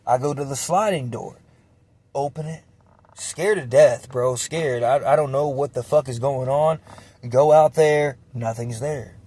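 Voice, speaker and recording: Speaking a little slowly in a dark-toned, mid-range voice, a man shares his story with raw, confessional emotion. He curses heavily, wanders off track, and repeats himself.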